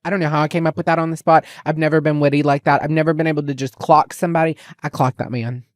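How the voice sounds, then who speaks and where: A man's voice: fairly high pitch, very fast, slight background noise. Sassy young man telling stories. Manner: animated, sassy, dramatic reenactments of dialogue. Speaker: podcast host. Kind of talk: casual storytelling chat.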